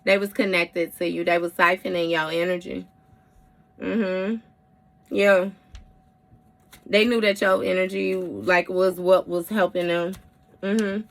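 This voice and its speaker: A woman's voice: lowish voice, little pitch movement, slow, gravelly, long pauses. A woman giving a casual tarot reading in a blunt, heavily profane way, with frequent mm-hmms. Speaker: tarot reader.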